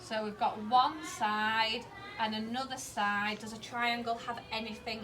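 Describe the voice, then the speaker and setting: Early years teacher, female, bright high-ish voice, slow and patient, encouraging classroom questioning. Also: fairly even intonation. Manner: slow, encouraging questioning, repeating answers back. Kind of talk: classroom maths lesson for young children.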